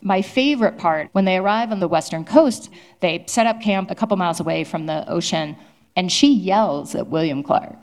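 A woman historian answering interview questions at a public event, telling stories in an animated, explanatory way. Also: lowish voice, normal speed.

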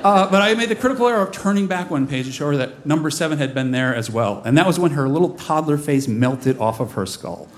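A man in his forties telling a comic personal story on stage, with a lively, animated delivery. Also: fairly high pitch, fast talker, hardly any pauses. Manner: comic, animated, mimics voices in quotes. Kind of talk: live storytelling performance. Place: stage before an audience.

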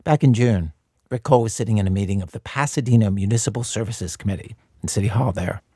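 A man's voice: lowish voice, fast talker, warm tone, breathy edge, no room sound. A man hosting a radio show, narrating in a wry, conversational way from a studio mic.

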